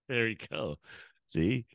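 A man's voice: lowish voice, dry recording. A man, rambling and laughing in a casual podcast chat. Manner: rambling, animated, laughs often. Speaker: podcast host.

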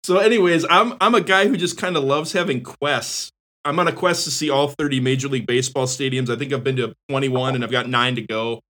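A man's voice: medium pitch, fairly quick, pushed and bright. A man co-hosting a podcast, chatting casually with dry humor. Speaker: podcast co-host. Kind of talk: casual chat.

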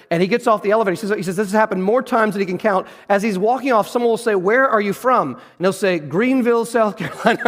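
Male pastor, high voice, earnest sermon delivery, restarts phrases, church hall reverb. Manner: earnest preaching with repeated restarts.

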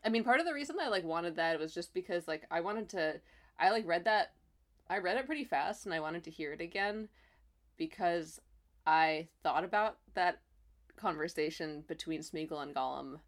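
A woman's voice: on the low side, normal speed. A woman in a casual book discussion who rambles with many fillers and restarts. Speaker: book club member. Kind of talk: casual chat.

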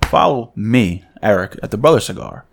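A man's voice: lowish voice, expressive, normal speed, vocal fry, slightly rough. A man co-hosting a casual podcast, easygoing, signing off and listing where to follow the show. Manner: easygoing, upbeat sign-offs. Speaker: podcast co-host. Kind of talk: casual chat.

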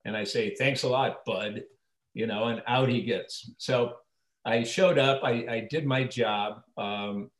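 A man's voice: mid-range voice, steady tone, unhurried. An older man, an actor interviewed as a guest, telling long rambling anecdotes with many restarts and acting out the quoted lines. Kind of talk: casual storytelling interview. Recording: roomy echo.

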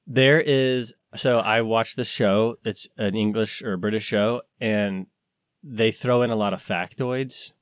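A man's voice: fairly low pitch, steady tone, measured pace, no room sound, clean studio sound. An American man co-hosting a casual podcast chat, rambling and searching for words with lots of fillers. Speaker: podcast co-host.

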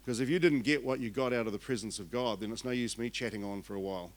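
Chatty older Kiwi pastor, joking. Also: male voice, mid-range voice, fast talker, slight background noise. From New Zealand. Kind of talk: sermon.

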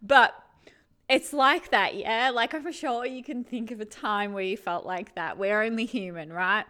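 A woman's voice: fairly high pitch, unhurried, bright, forceful tone. A woman vlogger giving self-help advice in casual talk, swearing freely, laughing often and acting out her feelings, with lots of "right?". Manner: keeps checking in with "right?". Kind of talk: casual direct-to-camera chat.

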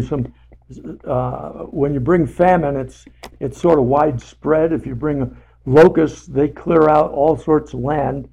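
A man teaching a casual Bible study in a slow, unhurried way, stopping often to restart a thought. His voice is gravelly, with a warm, darker tone. He leans on paraphrased scripture for emphasis. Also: a little high, lo-fi sound.

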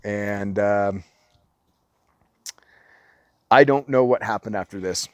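A man's voice: on the low side, slow pace, clean tone, dry recording, clean studio sound. Swearing man telling a wild story. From Orange County, California. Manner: animated, profane anecdote telling. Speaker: podcast guest. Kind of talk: casual storytelling.

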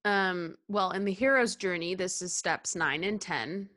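A woman in casual podcast conversation, her voice sitting a little low and her delivery unhurried and slow. She talks earnestly with frequent hesitations and restarts. She sounds sincere and invested. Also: fairly bright tone. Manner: hesitant, many ums and restarts, laughs often; earnest and heartfelt. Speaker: podcast co-host. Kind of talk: casual film discussion chat.

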